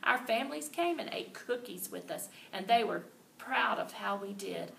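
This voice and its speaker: A woman reading a children's book aloud with lively, expressive storytelling. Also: medium pitch, moderate pace, vocal fry, slight background noise. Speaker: reader. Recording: roomy and distant, faint ambience.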